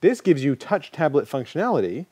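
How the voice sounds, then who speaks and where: A man's voice: a little high, big pitch swings, fairly quick, dark tone, breathy edge, no echo. A man co-hosting a casual technology show, joking and rambling as he demonstrates a gadget and corrects himself along the way. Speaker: co-host. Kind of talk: casual tech show banter.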